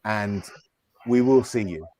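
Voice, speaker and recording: A man who is a solicitor, giving a measured, emphatic farewell speech on a video call. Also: on the low side, a little mellow, slight background noise, rough recording.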